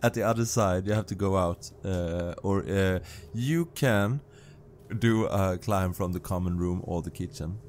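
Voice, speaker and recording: A man's voice: deep voice, a little slow, a little mellow, a little hiss or hum. A man narrating as game master of a tabletop game, describing scenes with many hesitant uh's.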